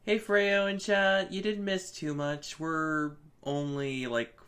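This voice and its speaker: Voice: medium pitch, little pitch movement, slow pace, a bit bright. A co-host of a live comic review stream who chats casually, agrees with a partner, greets viewers in chat and drops wry, sarcastic asides.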